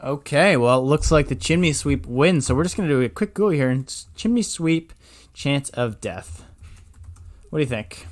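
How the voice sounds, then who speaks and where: A man's voice: on the high side, lively intonation, moderate pace. A young man co-hosting a podcast, chatting casually and playfully, often slipping into silly acted-out voices. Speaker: podcast co-host. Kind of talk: casual chat.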